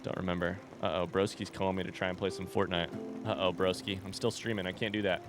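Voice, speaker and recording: A man streaming a game live in a relaxed, rambling way, greeting chat and swearing casually. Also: sits low, quick pace. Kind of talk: casual gaming livestream chat. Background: game music.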